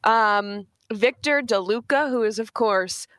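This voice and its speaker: Woman radio co-host, slightly high voice, chatty, dry studio sound. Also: fairly bright tone, dry recording. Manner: chatty, reading out a list with quick asides. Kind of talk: casual radio chat.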